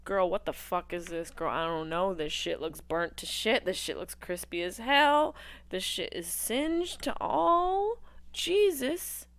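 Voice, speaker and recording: A woman's voice: mid-range voice, animated, measured pace, no echo. A woman putting on a shocked young woman who swears and panics over a gruesome find. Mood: freaked out. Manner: exasperated, swearing, rising.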